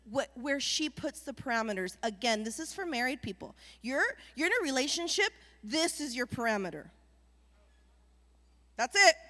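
A woman pastor delivers an animated sermon and keeps calling the congregation to respond. Her voice sits high and carries a long reverb from a large church sanctuary. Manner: animated preaching with call-and-response.

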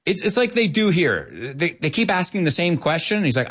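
With a high, somewhat bright voice and big pitch swings, a middle-aged man briskly hosts a relaxed radio-style show. Playful and quick to laugh, he teaches English by glossing words in Spanish.

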